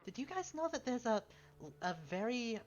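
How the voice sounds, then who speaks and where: A man's voice: very high-pitched, very animated, normal speed. A man chatting casually on a game stream, rambling and correcting himself with chuckling asides. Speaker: streamer playing a strategy game. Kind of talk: casual gaming stream chat. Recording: slightly dull stream audio, faint game music.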